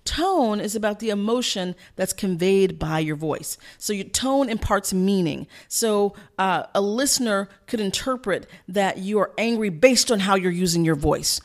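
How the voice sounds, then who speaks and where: An energetic woman coach teaches at a rapid clip, pushing her voice up and down to demonstrate what she means. Her delivery is emphatic and instructive. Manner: energetic, emphatic, varies pitch to illustrate points; fast-talking. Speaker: communication coach and host. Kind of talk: instructional talk.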